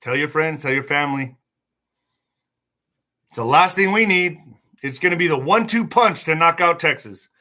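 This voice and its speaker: Excitable man ranting on a livestream. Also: on the high side, normal speed, pauses often. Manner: excitable, mocking, rambling asides. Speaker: livestream host. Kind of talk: rambling political livestream.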